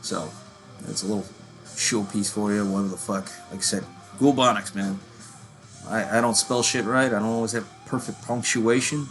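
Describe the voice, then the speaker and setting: A metal channel host in his thirties rants casually and profanely about metal bands, rambling along and calling himself a working-class hillbilly. His voice is lowish and slightly bright, with fairly even intonation and a moderate pace, over soft background music.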